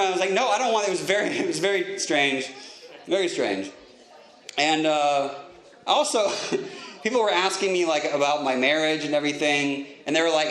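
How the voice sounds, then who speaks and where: A man telling self-mocking stories in a stand-up comedy set, chatty with quick asides. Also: fairly high pitch, fairly bright tone, roomy sound. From United States.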